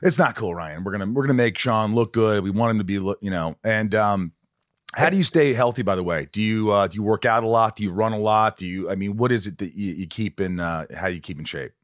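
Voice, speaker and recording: A man's voice: on the low side, brisk, dry recording, studio quality. A man hosting a podcast interview in casual chat, rambling, laughing and often cutting himself off. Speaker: podcast host.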